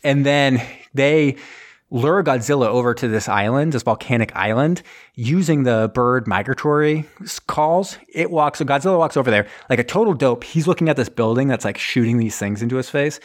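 A man giving a rambling, profane movie recap on a podcast, acting out characters in quick voices. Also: mid-range voice. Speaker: podcast co-host. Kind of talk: rapid casual movie recap.

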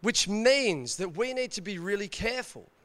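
A man's voice: high voice, animated, moderate pace, a bit bright. An Australian man, a pastor, preaching a conversational sermon in church, telling stories and asking the congregation rhetorical questions. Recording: long reverb of a church hall.

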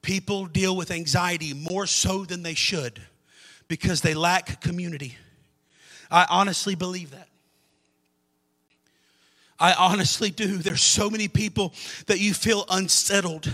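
A man preaching a sermon as a pastor, impassioned, swinging between shouted climaxes and hushed, quiet passages. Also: sits high, fairly even intonation, measured pace, pauses often.

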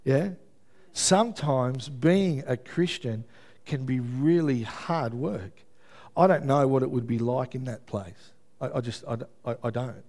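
A man preaching a conversational sermon. He is earnest, checks in with his listeners with a quick "yeah?", and stumbles over his words as he builds intensity. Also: mid-range voice, darkish tone. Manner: builds intensity, stumbles and repeats himself when moved.

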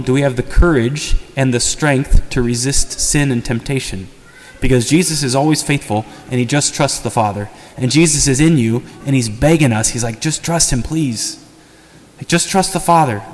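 A man preaching a sermon as parish priest, conversational and earnest, often pleading. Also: mid-range voice. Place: church. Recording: long church reverb.

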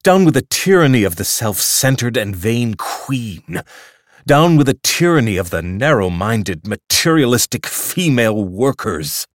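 A man's voice: low voice, expressive, a little slow, gravelly, no room sound, studio quality, exaggerated voice. A man voicing an impassioned, idealistic man who makes grand speeches for a lost cause, in an audiobook reading. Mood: fervent. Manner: fervent, oratorical, speechmaking. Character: impassioned idealistic man preaching bee liberation.

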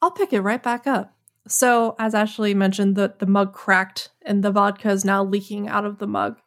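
A woman's voice: medium pitch, fairly even intonation, normal speed. A woman with a mid-range voice co-hosts a casual movie podcast. She walks through a scene in a dry, teasing way, with the odd aside and filler. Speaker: podcast co-host.

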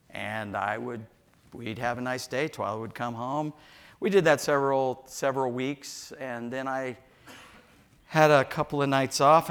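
A man in his sixties telling a funny story in a sermon, animated and jokey, acting out voices. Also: mid-range voice, creaky. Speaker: pastor.

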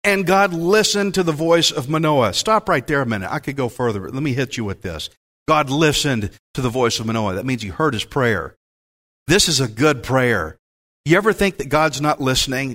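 A man's voice: medium pitch, fairly bright tone. A man preaching a sermon, reading scripture aloud and breaking off into enthusiastic, conversational asides. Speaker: pastor.

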